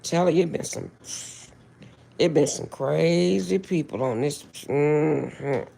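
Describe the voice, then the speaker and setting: An older woman hosting a casual livestream from her phone, telling stories in a chatty, animated way. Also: sits low, creaky. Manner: chatty, animated storytelling, drawn-out asides. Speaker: livestream host.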